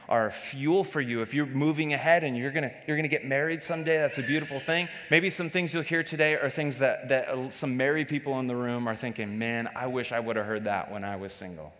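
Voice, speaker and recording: A man's voice: mid-range voice, steady tone, brisk, few pauses, fairly bright tone, long reverb tail. A man preaching a sermon to a congregation, in a conversational, joking way with many restarts and fillers. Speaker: pastor. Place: church service.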